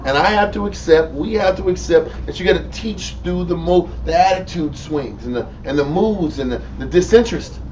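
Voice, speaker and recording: A man with a Texas accent, teaching the Bible informally in an animated, profane way and mimicking people. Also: on the high side, moderate pace, few pauses. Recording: lo-fi room recording from a distance with faint noise.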